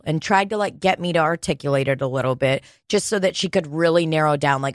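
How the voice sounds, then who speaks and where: A woman's voice: deep voice, brisk, hardly any pauses, a bit bright, dry recording, clean studio sound. A woman co-hosting a podcast, telling a story in casual, profane chat. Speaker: podcast co-host. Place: podcast studio.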